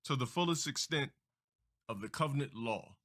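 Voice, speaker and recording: A man's voice: mid-range voice, expressive, moderate pace, fairly bright tone. A man livestreaming, making grandiose and self-important proclamations in a theatrical way.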